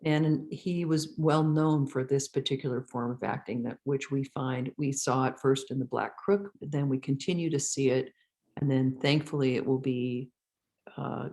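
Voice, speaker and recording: A woman teaching musical theatre history in a conversational lecture, pausing and correcting herself as she explains. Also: very deep voice, steady tone, a little mellow. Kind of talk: recorded lecture.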